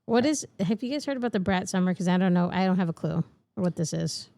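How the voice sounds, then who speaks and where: A woman's voice: lowish voice, expressive, fast talker, creaky, warm tone, no echo. A young woman co-hosting a casual podcast, exasperated, swearing and laughing. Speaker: podcast co-host.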